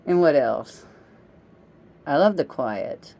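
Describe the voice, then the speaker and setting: A middle-aged woman chats into her camera in a loose, meandering vlog. Her voice is mellow and unhurried in tone, and she tells homey anecdotes with a self-amused, gossipy ease. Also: extremely low pitch, steady tone. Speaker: vlogger. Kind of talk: casual rambling monologue.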